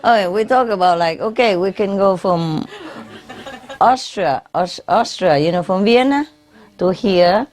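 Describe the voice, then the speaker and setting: Faint music plays behind a woman whose mid-range voice is a little mellow and measured in pace. As a spiritual teacher addressing a gathering in a hall, she jokes with the live audience in non-native English, laughing often at her own humor and tossing out checks like "no?" and "eh?".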